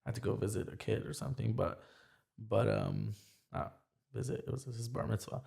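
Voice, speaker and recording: A man's voice: fairly low pitch, fairly quick, vocal fry, mellow. A young man talking as a podcast guest in casual chat, rambling with many restarts. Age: young adult.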